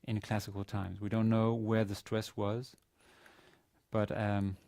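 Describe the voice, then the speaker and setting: Male university lecturer, low mellow voice, hesitant and explanatory, dry close sound. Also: monotone, a little slow, dry recording. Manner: hesitant, explanatory, many fillers and restarts. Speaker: Arabic teacher. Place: university teaching room.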